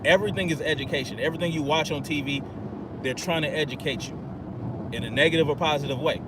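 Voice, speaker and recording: A man's voice: on the high side, quick pace, very noisy. A man hosting a podcast in an agitated, profane, rambling monologue. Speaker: podcast host. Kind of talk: ranting monologue.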